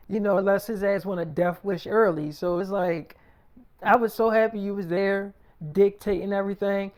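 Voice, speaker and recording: A man's voice: high-pitched, smooth. A man telling a long story in a rambling, profane, casual way, repeating himself and quoting others as he goes.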